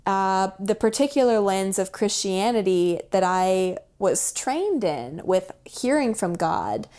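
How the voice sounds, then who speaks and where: A woman telling a personal story in casual podcast chat, animated and full of fillers, acting out the people she quotes. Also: mid-range voice, slow pace. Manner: chatty, with fillers like "like" and "um". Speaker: podcast guest.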